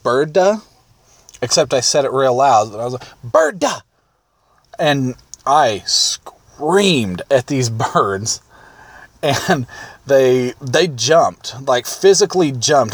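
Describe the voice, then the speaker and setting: A man's voice: mid-range voice, no echo. A man telling a rambling, self-amused anecdote casually, with restarts and chuckles. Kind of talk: casual storytelling.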